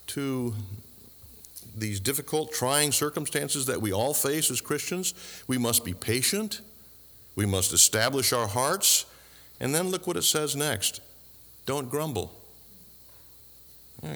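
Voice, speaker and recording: A man's voice: medium pitch, lively intonation, a little slow, long pauses, fairly bright tone, in a large hall. A man preaching a sermon, asking the congregation questions and adding dry asides. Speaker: pastor.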